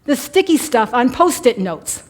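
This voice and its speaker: Older woman, conference presenter, animated storyteller, live mic in a church hall. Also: fairly high pitch, a little slow. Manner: animated storytelling, mock voices. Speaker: workshop presenter. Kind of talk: conference talk.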